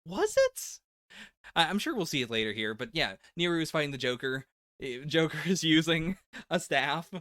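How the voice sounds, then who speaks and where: A man's voice: on the high side, a little fast, pushed and bright, no room sound, studio quality. A man giving a casual, rambling live reaction to manga chapters, full of "like" and little laughs. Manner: rambling and chatty, lots of "like" and laughs. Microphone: laptop setup.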